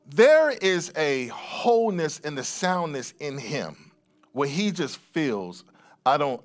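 A middle-aged man preaching a sermon in a somewhat high voice. He reads scripture aloud, then explains it in a loose, conversational way, circling back and repeating words as he goes. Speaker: pastor.

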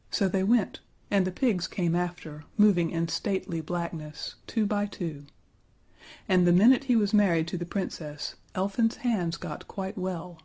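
A woman narrating a storybook aloud in a measured, even way. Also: fairly low pitch, breathy edge.

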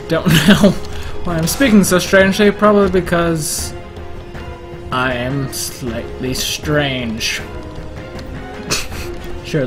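A gamer giving casual, self-mocking commentary on his own play, with sudden excitable outbursts. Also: medium pitch. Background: faint in-game music and keyboard typing.

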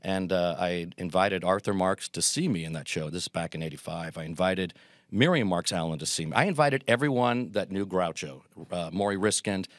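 Deep-voiced man telling animated stories. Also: a little fast, no echo, clean studio sound. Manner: animated anecdotes with acted quotes. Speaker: guest, Groucho performer. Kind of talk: storytelling interview.

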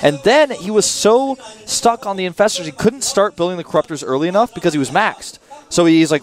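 A man commentating live esports as a caster, excitable and hyping up the viewers. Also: high voice, fairly quick. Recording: broadcast booth with loud game music. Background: game music.

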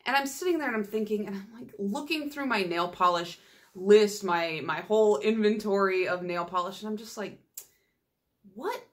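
A woman's voice: mid-range voice, a little fast. Chatty self-mocking woman vlogger. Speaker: nail polish channel host. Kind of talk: casual vlog chat.

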